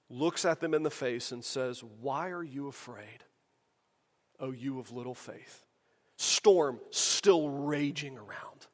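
A man preaching a sermon in a conversational way, asking the room rhetorical questions. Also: on the high side. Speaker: pastor. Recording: long hall reverb.

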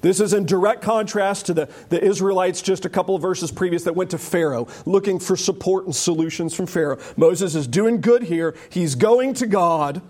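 A man preaching to his congregation with a high voice. He talks in an animated, joking way and slips into quoted voices as he explains the text. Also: normal speed, few pauses. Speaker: pastor. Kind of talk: sermon.

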